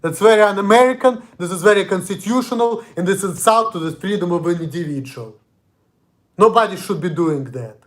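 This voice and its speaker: A man's voice: high-pitched, lively intonation, fairly quick. Angry ranting man with a Russian accent. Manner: profane, ranting, confrontational. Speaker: vlogger. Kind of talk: angry monologue.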